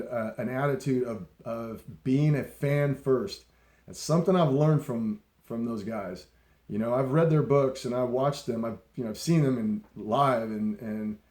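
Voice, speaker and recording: A middle-aged man hosts his own talk show and tells stories in a loose, laid-back way, swearing freely and laughing often. His voice is warm and mellow. The recording has the roomy echo of an untreated room. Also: medium pitch. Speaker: podcast host. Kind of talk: casual storytelling.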